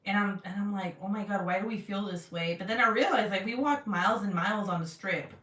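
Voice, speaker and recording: A woman's voice: medium pitch, fairly quick. A young woman chats to her viewers in a loose, profane storytelling flow, acting out whoever she quotes. She sits a little back from the mic, so her voice carries a roomy echo. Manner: animated, profane, acts out quotes in her retelling. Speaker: craft vlogger. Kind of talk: casual storytelling chat, reading live comments. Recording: roomy sound from a distance.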